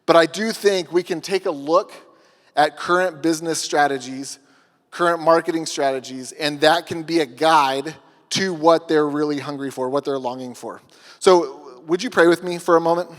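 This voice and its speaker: A man giving a conference workshop talk, telling stories in an earnest way with pauses. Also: fairly high pitch, fairly bright tone, big-room sound. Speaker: workshop speaker.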